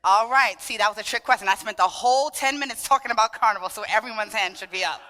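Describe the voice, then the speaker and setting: A bright, forceful woman with a sing-song Trinidadian-tinged New York lilt, playfully working a conference crowd. Her voice rings through a large hall with long reverb from the PA. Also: mid-range voice, fast. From Brooklyn, of Trinidadian family. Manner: sing-song, animated, playful, leads call-and-response. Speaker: dance workshop leader. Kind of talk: lively talk to a conference audience.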